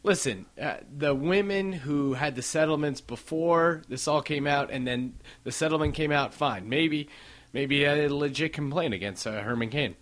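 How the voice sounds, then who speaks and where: A man hosting a casual comedy podcast, joking with quick asides and laughing often. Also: fairly high pitch, fairly bright tone. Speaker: podcast host.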